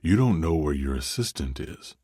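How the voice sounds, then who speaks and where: Man playing a jovial older businessman, very deep. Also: animated, moderate pace, mellow, husky, no echo, studio quality, heavily acted. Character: cheerful older businessman, company founder.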